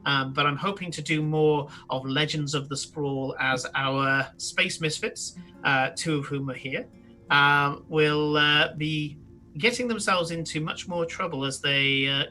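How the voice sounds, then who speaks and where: A man's voice: fairly high pitch, fairly even intonation, a little slow, sharp tone, faint music behind. A man, game master of a live-streamed tabletop game, chatting loosely with many fillers and restarts. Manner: rambling, lots of fillers and restarts.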